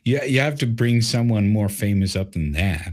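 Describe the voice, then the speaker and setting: A man co-hosting a casual live stream, blunt and teasing, quick to argue a point. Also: on the low side, animated, a little mellow. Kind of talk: casual chat.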